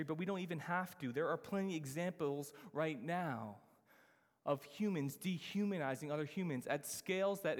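A man preaching a sermon as pastor, emphatic, slowing down to stress key phrases. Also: fairly high pitch, long reverb tail.

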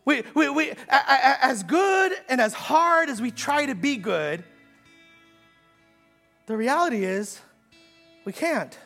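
Passionate preacher man, bright raspy voice. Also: very high voice, expressive, soft background music. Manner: swings from slow hushed lines to loud, fast preaching; repeats words, stammers on restarts. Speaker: pastor. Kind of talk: sermon.

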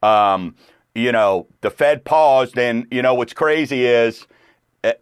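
A middle-aged man talks on a radio show in an easygoing, meandering way, stringing thoughts together with plenty of fillers. His voice sits at an ordinary pitch for a man. The sound is dry and close, with no room around it. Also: takes it slowly, smooth, dry recording. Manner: rambling, laid-back, lots of fillers. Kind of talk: casual chat.

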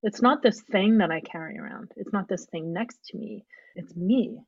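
A woman's voice: medium pitch, moderate pace, husky, no echo. Thoughtful woman, dry dull sound. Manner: thoughtful, searching, frequent restarts. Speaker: guest. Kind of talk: reflective conversation.

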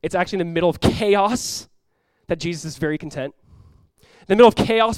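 A man, a pastor, preaching a sermon in an animated way, acting out voices with sudden loud bursts. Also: sits high, fast, dry recording.

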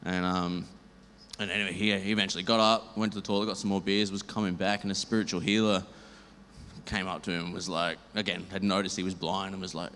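A man tells a church testimony in a deep, low voice, rambling as he acts out both sides of the conversation. His voice rings in a reverberant hall with a faint noise floor. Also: brisk. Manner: rambling, animated, acts out dialogue. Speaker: church member sharing a testimony. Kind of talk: storytelling testimony.

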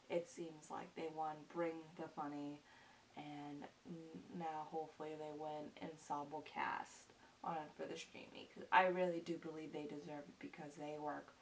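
A young woman talks casually to her viewers in an earnest, gushing way, circling back with ums and repeated words. Her voice sits a little low for a woman. She is recorded from some distance from the mic, and a faint hiss runs underneath. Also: fairly even intonation, moderate pace, gravelly. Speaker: vlogger. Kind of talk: casual chat to camera.

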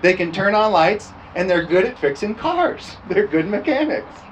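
A man's voice: high-pitched, very animated, normal speed, a little hiss or hum. A man preaching a storytelling sermon in a folksy, laughing way, often tossing "amen?" to the congregation.

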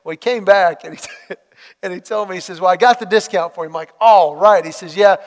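A man preaching a sermon, telling a story with lively acted-out dialogue. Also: high voice, brisk, in a large hall. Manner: animated storytelling, acts out quoted dialogue.

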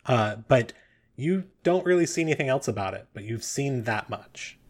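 A man narrating a tabletop game as game master, relaxed and a little hesitant. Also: medium pitch, normal speed.

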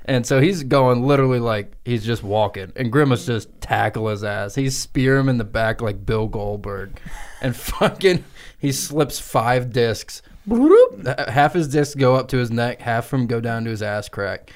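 A man co-hosting a podcast, telling an improvised comic story in a crude, energetic way and laughing as he goes. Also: medium pitch, normal speed. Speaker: podcast co-host.

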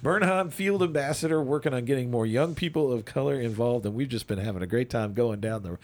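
A middle-aged man hosting an interview, relaxed and encouraging, with short affirmations. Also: medium pitch, a little fast. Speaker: radio interview host. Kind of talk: conversational interview.

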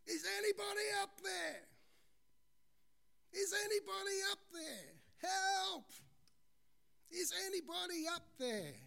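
A man yelling as a panicked man hanging off a cliff. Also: very high voice, expressive, slow, creaky, pauses often, pitched above the performer's own voice, heavily acted. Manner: desperate pleading yells.

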